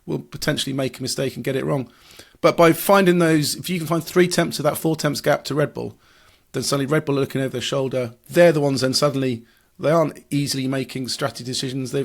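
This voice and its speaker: Male motorsport pundit, mid pitch, gravelly texture, analytical podcast delivery. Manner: analytical, explanatory, with restarts and fillers. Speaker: motorsport journalist. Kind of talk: podcast discussion.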